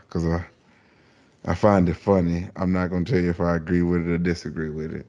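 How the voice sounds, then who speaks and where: A man's voice: sits low, steady tone, brisk, darkish tone. A man hosting a casual sports talk show, rambling, repeating himself and asking his co-host leading questions. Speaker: podcast host.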